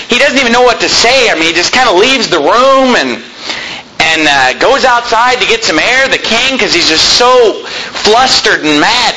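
A man's voice: high voice, a little hiss or hum, low-quality recording. A male preacher retelling a story in a conversational sermon, with frequent asides. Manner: animated, conversational, many asides.

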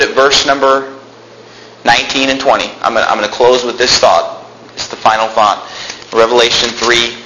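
A man's voice: medium pitch, sharp tone, a little hiss or hum. A man preaching a sermon as pastor, with an emphatic, fervent delivery, heard in a church sanctuary. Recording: echoey room.

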